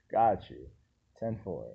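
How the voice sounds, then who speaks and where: A man hosting a podcast in casual, joking chat, quick to question and tease his guest. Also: fairly low pitch, huge pitch swings, creaky, husky. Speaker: podcast host. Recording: dull lo-fi sound.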